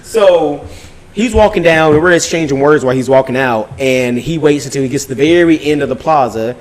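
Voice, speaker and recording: A male podcast host telling a story in casual, animated talk, swearing freely and acting out the dialogue. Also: fairly high pitch, fairly quick. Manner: animated, profane, acts out dialogue.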